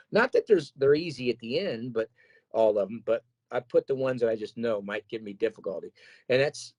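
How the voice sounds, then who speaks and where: A man who sings metal, chatting casually in an interview, rambling and animated as he tells stories about touring and keeping his voice in shape. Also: medium pitch, normal speed, dry recording, poor audio. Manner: rambling, animated storytelling with quoted asides. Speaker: metal singer guest.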